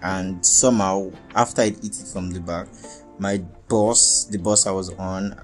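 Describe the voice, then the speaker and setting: A young man with a Nigerian accent telling a wild personal story in a lively, profane way, dropping into Pidgin and Yoruba. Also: low voice, measured pace, soft background music. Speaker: vlogger. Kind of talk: casual storytelling.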